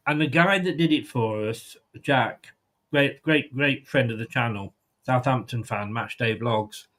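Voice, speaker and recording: A man's voice: mid-range voice, a little slow, fairly bright tone. A man hosting a football prediction show, chatting casually and rambling with frequent ums and restarts. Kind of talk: casual chat.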